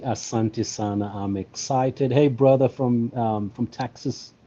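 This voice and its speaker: A man's voice: mid-range voice, fairly even intonation, unhurried, dark tone. A man calling in to a live video chat, speaking hesitantly with plenty of fillers. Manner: hesitant, full of "you know" and "um". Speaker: guest caller. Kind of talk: casual conversation on a live video call. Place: at home in Colorado. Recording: muffled call audio with faint noise.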